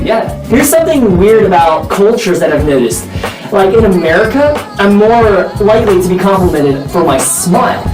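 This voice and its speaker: A young man vlogging straight to his viewers in a playful, self-teasing, joking way. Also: high voice. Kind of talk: casual vlog talking to viewers. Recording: echoey room, mic at a distance, music behind.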